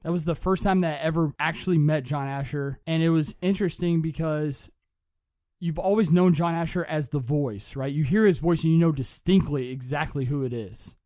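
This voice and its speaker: A man's voice: fairly high pitch, moderate pace, dark tone, no echo, studio quality. Young man hosting a sports talk show. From Kentucky. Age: young adult. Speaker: podcast host.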